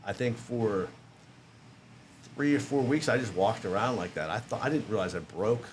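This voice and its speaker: A man's voice: on the low side, normal speed, slight background noise. A man in his fifties telling a casual, self-mocking story as a podcast guest. He acts out the other people in the story as he goes. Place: podcast studio.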